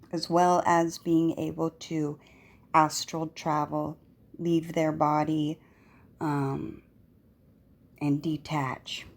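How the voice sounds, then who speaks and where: A woman with a very low voice speaks slowly as a commentator. She explains calmly between clips of the interview. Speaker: commentator on the video.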